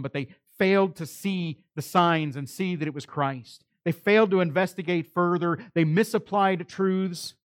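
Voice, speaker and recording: A man preaching a sermon, acting out the voices of the people he quotes, with his loudness rising and falling for emphasis. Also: a little high, dry recording, studio quality. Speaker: pastor.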